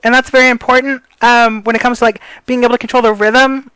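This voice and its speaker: A woman coaches breathing and pitch drills in a loose, rambling way, trailing off into fillers and apologizing for tangents. Her voice sits fairly high and sounds smooth. The recording is close and dry. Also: flat delivery, fast, fairly bright tone, no echo, poor audio. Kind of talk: casual tutorial.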